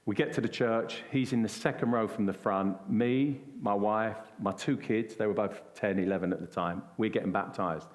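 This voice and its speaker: A middle-aged man from England telling a story at a church event, animated and acting out what others said. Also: lowish voice, moderate pace, hardly any pauses. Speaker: guest. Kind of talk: conversational storytelling.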